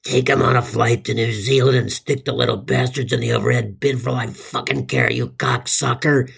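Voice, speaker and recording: A man putting on his exhausted wife's raspy, demonic, slow growling voice as she curses at him. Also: mid-range voice, steady tone, full character voice. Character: raging exhausted mom, raspy possessed demon voice.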